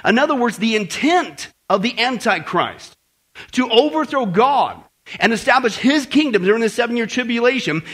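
A man preaching a prophecy sermon, emphatic and animated, often checking in with "okay?" and mocking asides. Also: extremely high pitch, breathy edge.

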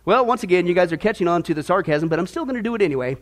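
A man's voice: sits high, lively intonation, racing. A man preaching about Bible prophecy in a sermon style, emphatic and sarcastic, calling his listeners folks.

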